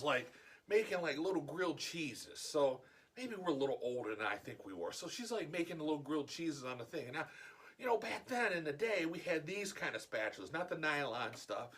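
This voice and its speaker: A middle-aged man telling a story from his childhood in a casual, animated way, acting out the voices of the people in it. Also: fairly high pitch, slightly rough. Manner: animated, acts out quoted voices. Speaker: vlogger.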